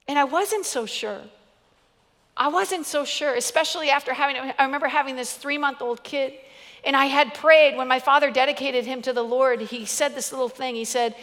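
A woman's voice: sits high, fairly even intonation, normal speed, a bit bright, in a large hall. A woman preacher giving an emphatic sermon, building it with repeated phrases and humorous stories. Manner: emphatic, repetitive, storytelling with humor.

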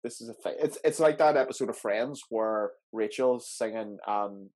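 A man's voice: lowish voice, normal speed, a little mellow. A man hosting a podcast, joking and rambling in loose casual chat. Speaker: podcast host.

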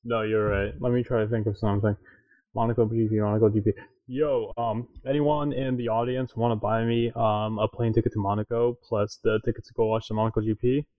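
A man's voice: lowish voice, steady tone, fairly quick, few pauses, dry recording, phone-quality sound. A man co-hosting a podcast in casual chat, laid-back and agreeable, often answering with short replies. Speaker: podcast co-host.

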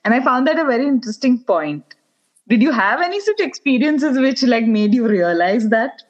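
A woman's voice: fairly high pitch, sing-song, normal speed. A woman hosting a podcast, asking questions and agreeing with short remarks. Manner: warm prompts, short agreements and laughs. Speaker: podcast host. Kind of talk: casual podcast interview. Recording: slightly dull, lo-fi sound.

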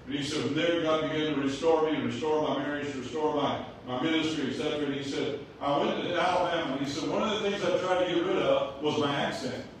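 An older South African pastor preaches in a South African accent, filling his sermon with rhetorical questions and humorous asides. His fairly high voice is heard from a distance in an echoey hall, with slight background noise.

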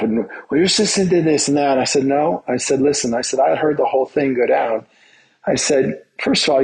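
Man, middle-aged, dentist host, casual monologue, animated storytelling, medium pitch. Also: vocal fry, rough recording. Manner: animated storyteller, acting out quoted dialogue.

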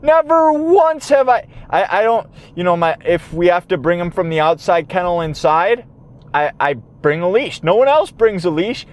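A man hosting a podcast, telling a rambling story in casual chat from his car, animated and swearing, trailing off and restarting. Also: sits high, moderate pace. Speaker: podcast host. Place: in his car, parked then driving. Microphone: handheld audio recorder.

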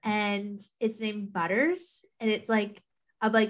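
Taking her time, a podcast co-host talks casually in a medium-pitched voice with fairly even intonation. She rambles and leans heavily on the word "like".

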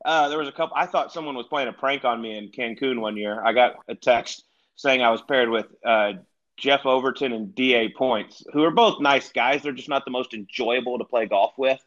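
A man's voice: mid-range voice, normal speed, fairly bright tone, lo-fi sound. A middle-aged man, a retired golfer as podcast guest, telling stories in a chatty, laid-back way and laughing along. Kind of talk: casual podcast storytelling.

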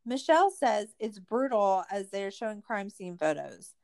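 An expressive podcast host with a darkish tone recaps a true-crime documentary at a moderate pace. Chatting casually, she's sarcastic, swears, packs in "like" fillers, and her voice climbs high when she's exasperated.

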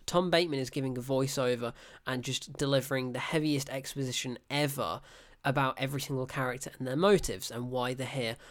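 A film reviewer giving a casual, unscripted review, blunt and exasperated, laughing often and correcting themselves mid-sentence. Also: medium pitch. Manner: rambling and unscripted, with self-corrections.

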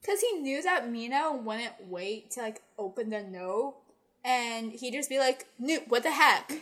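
A young woman in casual chat, animated and quoting characters. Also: a little high, unhurried. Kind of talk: casual chat about books.

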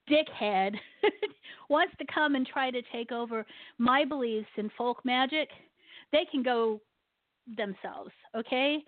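A woman's voice: a little high, no echo. A woman hosting a talk radio show, ranting animatedly about her pet peeves and laughing often. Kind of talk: casual radio talk with a guest. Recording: tinny phone-line sound, dry.

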